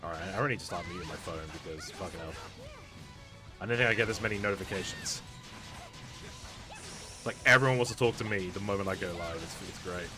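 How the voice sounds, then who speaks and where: A man's voice: sits low, quick pace, pauses often, music in the background. A man streaming a video game, chatting casually with many fillers, restarts and laughs.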